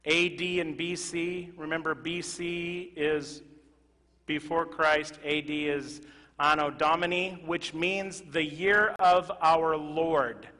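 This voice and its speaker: A male pastor preaching a sermon to his congregation, moving from loud emphatic exclamations to quiet, earnest asides. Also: on the high side, fairly even intonation, takes it slowly. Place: church sanctuary. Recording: reverberant church hall.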